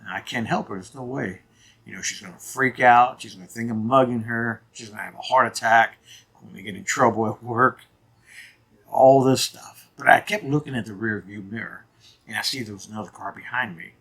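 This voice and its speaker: A man's voice: mid-range voice, steady tone, brisk, gravelly, a bit bright. A man in his fifties telling a personal story on his vlog in an earnest, emphatic way. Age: 50s. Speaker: channel host.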